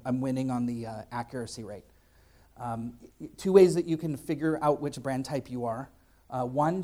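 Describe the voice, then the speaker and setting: A man with a mellow, medium-pitched voice gives a casual conference presentation and then answers audience questions. His live talk and Q&A are full of fillers and restarts.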